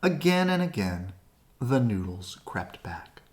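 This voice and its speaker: A woman gently and expressively reading a children's picture book aloud. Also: rumbling low, sing-song, slow. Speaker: storybook reader. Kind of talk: children's read-aloud narration.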